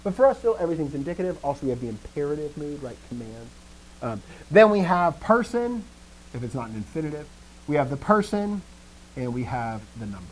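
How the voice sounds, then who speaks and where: A man with a fairly high voice leads a live classroom lesson. He fires questions at his students and answers them himself, often restarting mid-sentence. A faint hum sits underneath the recording. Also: sing-song, a little fast, rough recording. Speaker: teacher.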